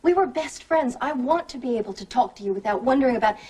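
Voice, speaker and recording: An actress playing an anxious, loving wife and best friend in a soap opera, talking with emotion. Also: female voice, high-pitched, expressive, fast talker, husky, poor audio. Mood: pleading. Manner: emotional and pleading, soft when tender.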